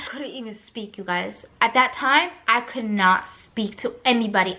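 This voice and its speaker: A woman's voice: a little high, pushed and bright. A young woman vlogger casually telling a personal story to camera, chatty and talking straight to her viewers. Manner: chatty, addresses viewers as you guys.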